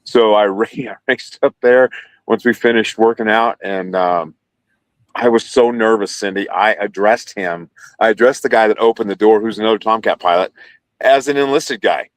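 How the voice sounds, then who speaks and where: A man's voice: on the low side, normal speed, dry recording. A middle-aged man telling a long personal story on a video call, rambling and correcting himself, with laughs along the way. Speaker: podcast guest, former carrier sailor. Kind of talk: casual storytelling interview.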